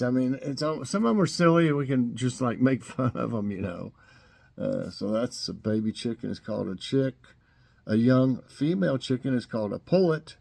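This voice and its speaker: A man's voice: medium pitch, creaky, warm tone. A middle-aged man with a Southern US accent hosts a casual trivia break, taking his time over every word. He laughs at his own jokes and pokes fun at the wrong answers. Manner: joking, chuckling, acts out silly answers. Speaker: host.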